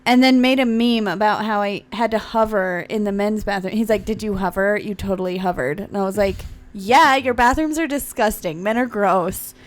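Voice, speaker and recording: A woman in easygoing podcast banter. She tells her own stories and teases her co-hosts. Her voice sits in the middle of the usual range. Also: medium pitch. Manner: chatty, teasing, quick to laugh. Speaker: podcast co-host. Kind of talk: casual chat.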